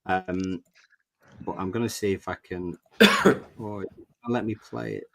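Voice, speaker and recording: A man's voice: low-pitched, steady tone, a little slow, fairly bright tone. A man hosting a casual fan podcast, chatting and rambling with plenty of fillers. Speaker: podcast host. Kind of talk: casual chat. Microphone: clip-on microphone.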